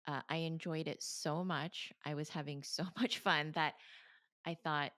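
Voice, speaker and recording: A woman, a meditation coach, candidly telling her story in an interview, animated, laughing often and acting out her past self. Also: low voice, measured pace, no echo, clean studio sound.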